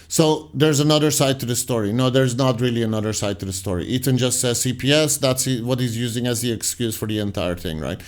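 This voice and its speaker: Talking briskly with hardly any pauses, a mid-range-voiced man hosts a commentary channel and reads out viewer comments in a casual way. He responds with meandering, sarcastic remarks that trail off into muttering.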